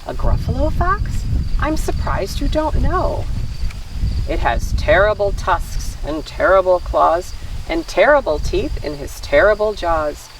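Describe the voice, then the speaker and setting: A woman's voice: mid-range voice, very animated, unhurried, distant mic, background noise. A woman voicing a small, clever brown mouse in a picture-book reading, recorded outdoors. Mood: confident.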